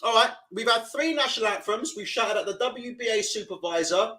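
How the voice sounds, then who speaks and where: This young man's fairly high voice is expressive, fairly quick, bright and forceful as he rambles and swears through a live boxing stream. He breaks from his commentary to read viewers' comments aloud, on a rough recording.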